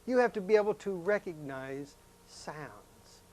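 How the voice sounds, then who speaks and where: Man, science teacher, folksy, chatty, asks the class questions, slightly high voice. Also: lively intonation, measured pace, darkish tone. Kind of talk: classroom lesson demonstration.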